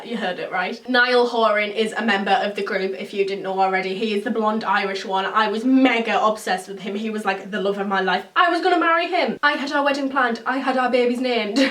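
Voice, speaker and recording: A woman's voice: on the high side, fairly bright tone, echoey room, distant mic. A teenage girl from North-East England with a Geordie accent, telling a gushing storytime vlog with lots of giggles and "like". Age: teens. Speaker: YouTuber.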